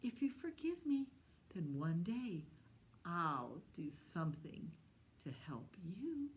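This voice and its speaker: A woman voicing a tiny, timid male mouse in a storytime tale, pleading in a high little voice. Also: big pitch swings, takes it slowly, a little hiss or hum.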